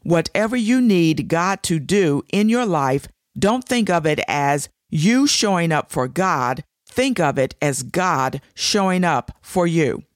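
A woman's voice: lowish voice, expressive, slow, few pauses, dry recording, clean studio sound. A woman hosting a devotional show, teaching scripture with emphatic, repeated declarations.

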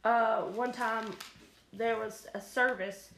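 A woman chats casually as a podcast co-host, often pausing and restarting her thoughts. Her voice sits a little high. The room is echoey, with a faint hiss behind her. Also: steady tone, fairly bright tone. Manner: rambling, many fillers and restarts. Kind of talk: casual church discussion.

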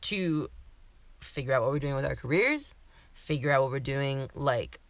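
A young woman from Miami in her twenties, co-hosting a casual chat podcast, talking fast, swearing and laughing often. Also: very deep voice, lively intonation, no echo. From Miami, Florida. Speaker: podcast co-host.

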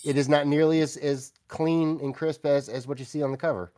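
Against crowd noise, a man co-hosting a casual comic book podcast speaks a little fast in a steady, somewhat high voice. He rambles enthusiastically, hedging constantly with "like" and "I mean."

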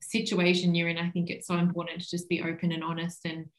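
A woman's voice: on the low side, monotone. A woman hosting a podcast, chatting casually and agreeing often with her guest. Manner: warmly agreeing, quick bursts of laughter. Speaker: podcast host. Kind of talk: casual chat. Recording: echoey room.

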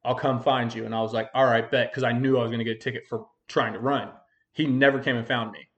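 A man's voice: medium pitch, level tone, fast, fairly bright tone, dull audio. Young male podcast host, mid-range voice, loose profane storyteller. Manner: rambling, profane, full of "like". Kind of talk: casual storytelling chat.

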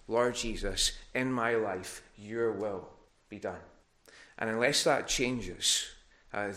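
A man's voice: lowish voice, pushed and bright. A man preaching a sermon in a church, earnest and given to restarts, rising in force on his appeals. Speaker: pastor.

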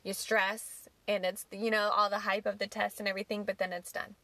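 A woman's voice: medium pitch, little pitch movement, brisk, sharp tone, no echo. A woman co-hosting a podcast in casual chat, easygoing and reflective.

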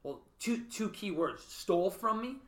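A man's voice: sits high, lively intonation, unhurried, fairly bright tone, echoey room. A man hosting a podcast, talking in an earnest, reflective way and often checking in with "right?". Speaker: podcast host. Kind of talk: casual interview chat.

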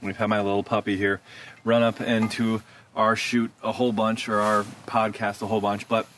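A man's voice: lowish voice, level tone, normal speed, fairly bright tone, far from the mic, a little hiss or hum. A man hosting a podcast outdoors at his house, rambling in a casual way with plenty of fillers. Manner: rambling, conversational, many fillers. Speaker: podcast host, photographer.

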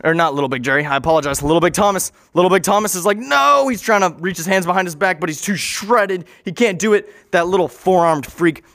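A man's voice: high voice, quick pace, few pauses, fairly bright tone, no room sound. A man telling an improvised story in a rambling way, often correcting himself and adding joking asides.

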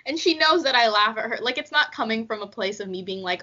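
A young woman with a bright, lively voice talks in a chatty, giggly way, with plenty of "like" and "you know". The sound is a little dull and lo-fi. Her voice sits slightly high for a woman. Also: a little fast. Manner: giggly, chatty, lots of fillers. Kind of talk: casual chat.

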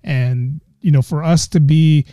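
A man's voice: a little high, steady tone, a little slow, dark tone, no echo. Friendly middle-aged podcast host man. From San Francisco Bay Area. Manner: friendly, effusive thanks, laughs easily. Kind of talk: casual interview chat.

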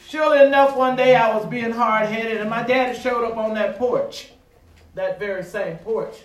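A man preaching a sermon with call-and-response, stretching words with dramatic pauses and rising to shouts. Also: high voice, recorded from a distance. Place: church sanctuary. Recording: echoey room, voice from afar.

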